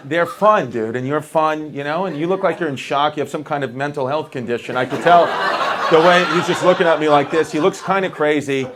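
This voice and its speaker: A man's voice: on the high side, a little fast, background noise. A male stand-up comedian doing rambling, self-mocking crowd work on a club stage. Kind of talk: stand-up set. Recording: audience laughter throughout.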